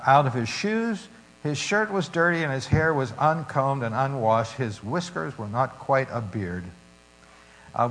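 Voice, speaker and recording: A man preaching, reading a story and scripture with dramatic shifts in loudness. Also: mid-range voice, low-quality recording. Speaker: pastor.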